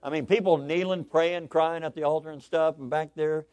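A male pastor preaching a sermon, telling personal stories in an animated, excitable way with lots of repetition. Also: a little high, normal speed, no room sound.

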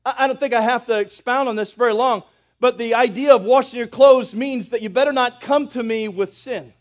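Guy preaching a sermon, really high voice, talks right at the congregation and builds up. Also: a little fast. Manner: addresses congregation directly, builds in intensity. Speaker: pastor.

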